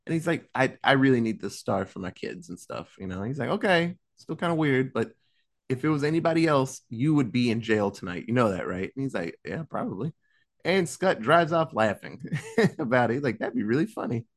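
Animated, profane young man recapping a film. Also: medium pitch, gravelly. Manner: animated, profane, acts out characters in quick asides. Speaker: podcast host recapping a film. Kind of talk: casual storytelling recap.

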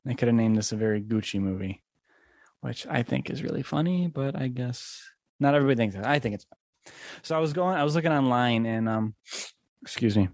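A young man talks loosely into a close microphone for his solo podcast. He rambles, restarts, and drops in plenty of "like" and "um." The sound is dry, and his pitch sits in an ordinary middle range. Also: animated, brisk, darkish tone, dry recording. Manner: rambling, with lots of "like" and "um". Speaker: podcast host. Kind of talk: casual solo podcast chat.

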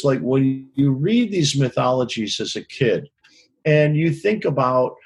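A touring concert lighting director tells frank, rambling stories in a casual interview, swearing freely and often asking "you know what I mean?" His medium-pitched voice is animated and carries a breathy edge, and he keeps a measured pace.

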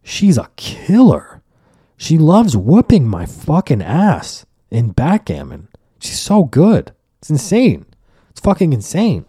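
A man's voice: fairly high pitch, takes it slowly, breathy edge, no echo, clean studio sound. A young man hosting a podcast, telling a rambling, profane, comedic story and acting out the people in it. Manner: profane, rambling, animated storytelling with acted-out quotes. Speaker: podcast host.

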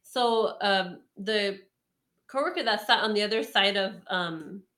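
Chatty woman with a bright voice. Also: mid-range voice, a little slow. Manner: rambling, full of ums and likes, acts out quotes. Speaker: podcast storyteller. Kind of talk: casual chat.

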